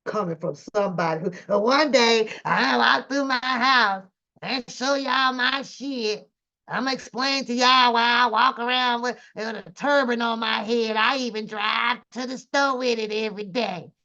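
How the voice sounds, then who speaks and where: Slow, drawling woman with muffled audio. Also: a little high, pushed and bright. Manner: drawling, profane, mocking, laughs often. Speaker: reaction channel host. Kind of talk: casual livestream commentary. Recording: dull lo-fi home stream audio.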